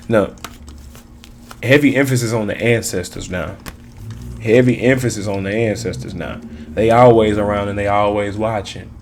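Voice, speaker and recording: Male tarot reader, lowish voice, emphatic and repetitive, casual street slang. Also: a little hiss or hum. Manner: preachy, emphatic, repeats phrases, slangy.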